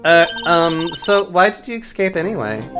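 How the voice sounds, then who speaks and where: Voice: medium pitch, big pitch swings, normal speed, voice pushed up, natural voice. A streamer voicing a nervous young female defense lawyer, in a hesitant, polite manner. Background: game music.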